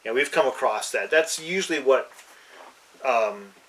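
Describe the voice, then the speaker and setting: A man's voice: mid-range voice, lively intonation, measured pace, a bit bright, far from the mic, poor audio. A man co-hosting a casual podcast chat, easygoing and agreeable, chiming in and summing things up. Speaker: player and co-host.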